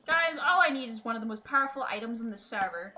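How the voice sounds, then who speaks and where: A woman's voice: a little high, lively intonation, quick pace, a crowd in the background. A woman streaming a game, chatting casually and playfully, laughing often. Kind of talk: casual gaming stream chat.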